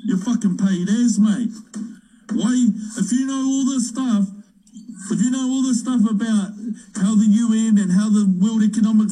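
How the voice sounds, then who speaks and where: A man rants in a played clip, swearing and rambling. His voice is high for a man and husky, with a dark, mellow tone. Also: poor audio. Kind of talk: angry rant to camera.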